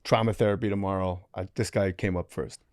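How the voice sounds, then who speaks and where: A man's voice: low voice, fairly quick, no room sound. Man telling stories, dry and close. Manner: animated, acts out quotes, swears freely. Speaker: podcast host. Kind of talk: casual comedic storytelling.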